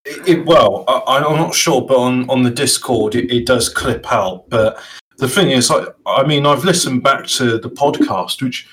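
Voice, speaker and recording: A man's voice: medium pitch, unhurried, fairly bright tone. A man co-hosting a casual podcast, rambling and stammering as he restarts sentences. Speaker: podcast co-host. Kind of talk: casual banter.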